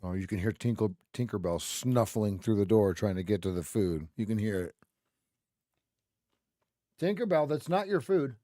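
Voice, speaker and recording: A man's voice: sits low, fairly quick, few pauses, dry recording, clean studio sound. A middle-aged man hosting a live trading stream, chatting casually and joking between calls on trades. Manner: chatty, jokey, excitable over trades.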